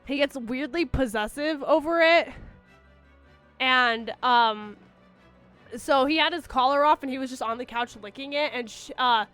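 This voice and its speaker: A woman's voice: sits high, a bit bright, clean tone. A young woman streamer chatting casually with her viewers, rambling with lots of fillers and restarts. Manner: baby-talk to her dog.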